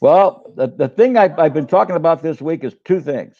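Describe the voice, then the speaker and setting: A man's voice: on the high side, animated, moderate pace, phone-quality sound. An older man who works as a coach, chatting on a live stream in a rambling way with many restarts. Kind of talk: casual live-stream chat.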